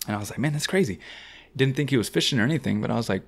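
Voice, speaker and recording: A man guesting on a podcast, telling an animated, slangy anecdote about his riding career. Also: mid-range voice. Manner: fast-talking. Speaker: guest BMX rider. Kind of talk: casual storytelling.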